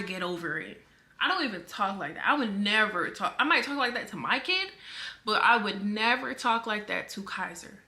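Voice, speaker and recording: A woman's voice: mid-range voice, pushed and bright. A young woman vlogger talking casually to camera, defending herself in a rambling way with lots of filler words.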